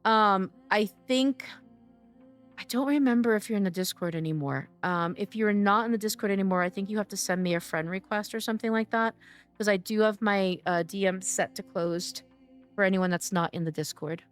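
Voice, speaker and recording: A woman's voice: medium pitch, a little fast, faint music behind. A woman streaming a game live, chatting and teasing her viewers by name, her voice worn from days of streaming. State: losing her voice. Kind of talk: casual live-stream chat.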